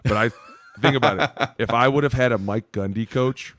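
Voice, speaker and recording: A man in his thirties, a podcast co-host telling stories in a loose, profane, animated way. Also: mid-range voice, moderate pace, dry recording. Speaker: podcast co-host, former player. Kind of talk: casual storytelling chat.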